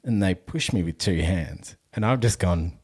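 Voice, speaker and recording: Deep-voiced Australian man telling stories. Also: a little slow, darkish tone, breathy edge. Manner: swears freely, laughs through his story. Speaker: podcast host. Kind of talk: casual storytelling chat.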